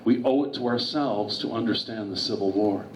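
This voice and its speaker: A man's voice: on the low side, moderate pace, slight background noise. A man giving a public history talk as a guest author, storytelling with asides and digressions. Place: meeting hall. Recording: distant, roomy, dull hall recording.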